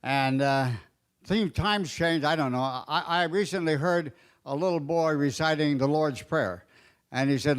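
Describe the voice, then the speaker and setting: An older man telling stand-up jokes at a roast, with a halting, fumbling delivery full of fillers. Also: on the high side. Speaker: comedian at a roast. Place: banquet dais.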